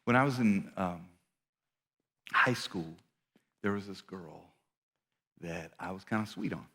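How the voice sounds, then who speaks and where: A man's voice: low voice, a little slow, sharp tone, big-room sound. A man giving a storytelling sermon as a pastor, playful and self-mocking as he teases the audience. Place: church auditorium.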